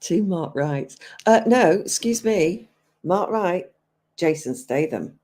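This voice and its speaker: Low-voiced, slow-talking English woman. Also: lively intonation, dark tone. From England. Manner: chatty, answers live chat comments aloud, laughs often. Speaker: livestream host. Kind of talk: casual chat with viewers.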